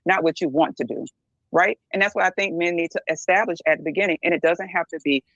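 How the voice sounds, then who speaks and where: In this candid podcast talk, the guest is a middle-aged woman who makes her points bluntly and forcefully, repeatedly asking "right?". She speaks quickly in a lowish, fairly bright voice, captured on a dry, lo-fi recording.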